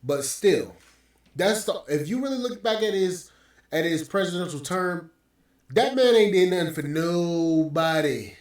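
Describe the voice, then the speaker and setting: A man's voice: high voice, expressive, measured pace, darkish tone. A man hosting a podcast, ranting with profane, scornful commentary. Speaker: podcast host. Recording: very echoey room, mic at distance.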